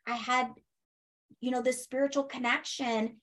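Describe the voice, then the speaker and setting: A woman telling a personal story in a casual interview, animated, acting out what people said and laughing as she goes. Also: high voice, moderate pace. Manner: animated, acts out quoted speech, laughs, swears. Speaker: guest.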